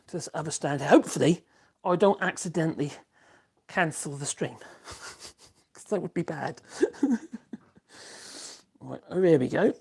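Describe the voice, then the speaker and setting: A man chatting casually while he works in his home workshop, rambling and exclaiming as he goes. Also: sits high. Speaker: woodworking live streamer. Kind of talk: casual live-stream chat while working. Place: home workshop, a bit echoey. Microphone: external mic.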